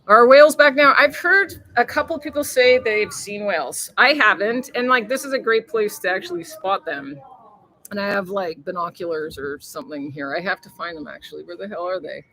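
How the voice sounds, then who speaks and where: Woman, livestream host, casual chat, bright forceful voice, swears a lot. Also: mid-range voice, normal speed. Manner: chatty, swears freely, reads viewer comments aloud.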